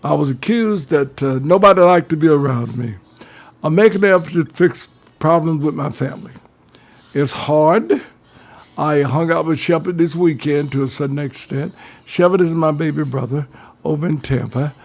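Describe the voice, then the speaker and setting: Older male radio host, raspy and fairly high-pitched, preachy monologue style. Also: moderate pace. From Georgia, US. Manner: preachy, advice-giving, addresses listeners as fellas.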